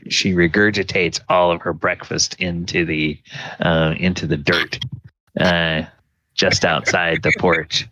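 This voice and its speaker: A man narrating as game master of a tabletop game, halting with many fillers. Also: low-pitched, sharp tone, no echo.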